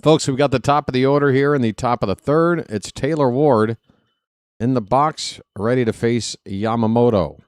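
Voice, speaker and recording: Man, fan baseball play-by-play, jokey, excitable, mid pitch, dry sound. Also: normal speed, smooth, dry recording. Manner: excitable, jokey, talks straight to listeners.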